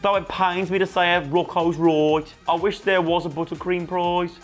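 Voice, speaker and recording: A man's voice: sits high, level tone, moderate pace, soft background music, pitched above the performer's own voice, natural voice. A man voicing a cheerful, joking young man with a Birmingham accent. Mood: jokey.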